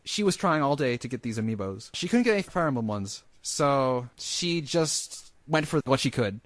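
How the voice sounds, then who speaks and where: A man's voice: medium pitch, expressive, normal speed, no echo. Wry young man, dry sound. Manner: wry, swears casually. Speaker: podcast co-host. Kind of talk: casual chat.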